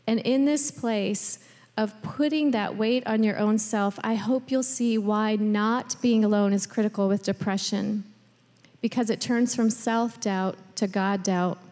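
A woman's voice: mid-range voice, fairly even intonation, measured pace, darkish tone. A female pastor preaching a sermon in an earnest, personal way. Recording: hall reverb.

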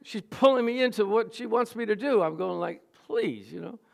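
A man's voice: high-pitched, brisk, creaky. A male pastor giving a sermon with humorous, self-deprecating stories.

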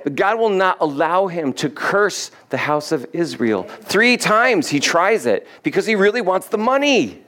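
A man's voice: sits high, big pitch swings, measured pace, hardly any pauses, a bit bright. Man preaching a chatty, storytelling sermon. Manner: casual storytelling, acting out Bible characters. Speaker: pastor.

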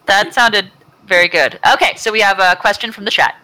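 A woman's voice: medium pitch, fairly quick, sharp tone, poor audio. A woman hosting a podcast, casually reading out chat questions and teasing her guest in a playful, swearing manner. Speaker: podcast host.

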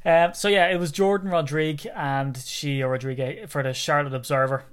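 A chatty man co-hosting a podcast, his voice slightly higher than most men's. He tells stories in an animated, joking way and laughs often. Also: normal speed, hardly any pauses, clear, resonant tone. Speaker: podcast co-host. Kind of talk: casual chat.

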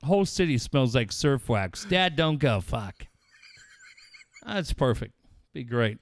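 A man's voice: medium pitch, slow pace. A man in casual chat, blunt and profane, teasing and arguing with his co-host. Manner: blunt, profane, animated ribbing.

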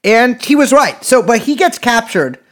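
A man's voice: extremely high pitch, expressive, normal speed, fairly bright tone. A man co-hosting a podcast, talking casually with many restarts, jokes and swearing. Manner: rambling, jokey, many restarts and profanity. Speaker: podcast co-host. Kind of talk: casual chat.

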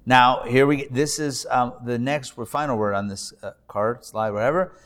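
Guy teaching a reading class live, says each word slow and again, chatty asides. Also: medium pitch, a bit bright. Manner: patient, repeats words slowly, casual asides.

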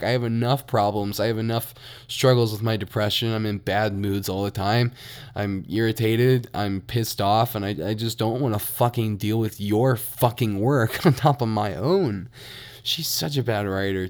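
A young man in his twenties hosting a solo podcast, ranting with constant swearing and frequent laughter. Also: mid-range voice. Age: young adult. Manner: profane, ranting, laughs often. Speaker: podcast host.

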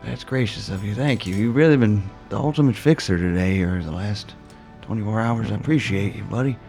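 A man voicing a cold, worn-out young elf adventurer in a tabletop game, speaking softly and gratefully. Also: on the low side, brisk, soft background music, voice pushed up, lightly acted. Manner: weary, grateful, soft-spoken. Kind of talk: in-character tabletop role-play.

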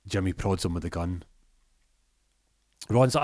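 Man, very low voice, dry close sound, rambling comic storyteller. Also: darkish tone, dry recording. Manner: rambling, acts out characters in quick bursts. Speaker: comedian telling a story.

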